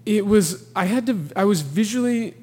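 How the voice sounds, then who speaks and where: A man's voice: high-pitched, normal speed, husky, big-room sound. Man telling a trail story with feeling. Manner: animated storyteller who acts out quotes and laughs. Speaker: podcast guest, thru-hiker. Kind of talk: casual storytelling interview.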